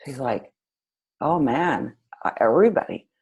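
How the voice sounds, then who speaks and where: A woman's voice: a bass voice, lively intonation, measured pace, darkish tone, breathy edge, poor audio. A woman hosting a talk, telling a story and acting out both sides of a conversation with lots of energy. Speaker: host. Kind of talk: storytelling to an audience.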